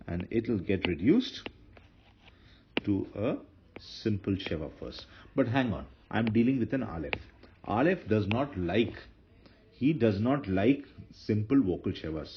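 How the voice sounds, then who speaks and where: A man teaching Hebrew grammar in a patient lecture, often repeating himself and correcting slips. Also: lowish voice. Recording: dull lo-fi lecture recording with faint noise.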